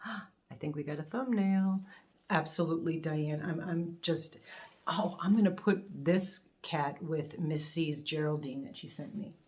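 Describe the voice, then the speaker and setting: A middle-aged woman with a notably low voice hosts a casual unboxing vlog. She gushes over each item and gets emotional, laughing easily as she talks to her viewers. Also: a little mellow. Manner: gushing and emotional, quick to laugh. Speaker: crafting channel host.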